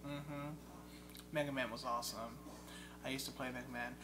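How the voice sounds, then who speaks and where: A young man in a casual chat about video games, an excitable storyteller who mimics game sounds. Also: mid-range voice, moderate pace. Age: young adult. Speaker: guest. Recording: loud steady hum behind.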